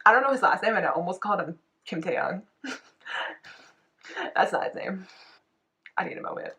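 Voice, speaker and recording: A young woman chatting casually about a music video, gushing with lots of fillers, giggling and breaking into high excited squeals. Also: moderate pace. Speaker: K-pop reaction vlogger. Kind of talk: excited reaction commentary.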